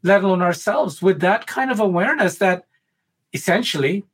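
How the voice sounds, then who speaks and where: A man talking on a podcast, telling a spiritual parable in an animated way, stumbling over many restarts. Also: high-pitched, moderate pace, husky. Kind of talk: spiritual talk and storytelling.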